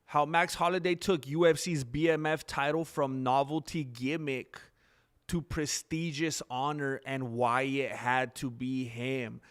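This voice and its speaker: A man's voice: mid-range voice, fairly even intonation, measured pace. A man hosting a casual livestream, rambling and reacting to the chat with lots of ums. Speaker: livestream host. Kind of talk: casual live-stream chat.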